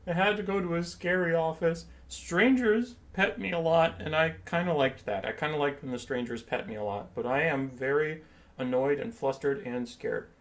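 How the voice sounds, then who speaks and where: A man's voice: on the high side, normal speed, natural voice. A man voicing his grumpy male house cat, who complains in a whiny, put-upon way about a trip to the vet.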